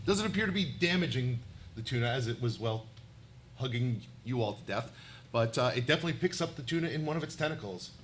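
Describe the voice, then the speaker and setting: A man's voice: medium pitch, expressive, fast talker, a bit bright. A man narrating a live tabletop game as game master, often laughing and stumbling over his words as he narrates.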